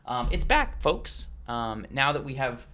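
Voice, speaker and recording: A man hosts a casual podcast, running segments in a playful, upbeat way with a few fillers. His voice has a bright, forward edge. His pitch moves around a lot. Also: sing-song, measured pace. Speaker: podcast host.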